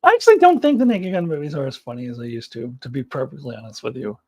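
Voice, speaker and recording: A middle-aged woman chats loosely on a live stream and reacts to viewer comments. Her pitch swoops up and down in an animated way. She giggles often and drifts off into ums and uhs. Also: fast talker. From United States. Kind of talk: casual live chat, reading comments.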